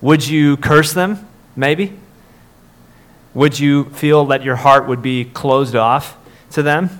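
A man's voice: fairly high pitch, steady tone, takes it slowly. A man, a pastor, preaching a sermon in a conversational way, with fillers and restarts, rising for emphasis on key points.

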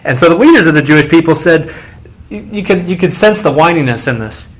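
A man's voice: fairly high pitch, expressive, fast talker. A man preaching a sermon in an earnest way, using repeated refrains and acting out the voices in the story he tells. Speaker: pastor.

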